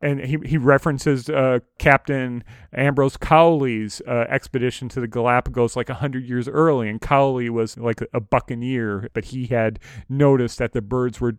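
A man co-hosting a podcast, chatting casually and thoughtfully about a story he reviewed, full of detail and quick to laugh. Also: medium pitch, steady tone, no room sound, studio quality. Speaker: podcast co-host.

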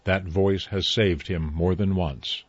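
A man reading a story aloud in a measured, even way. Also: low voice, breathy edge, no room sound, highs cut off. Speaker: narrator. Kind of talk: scripted story narration.

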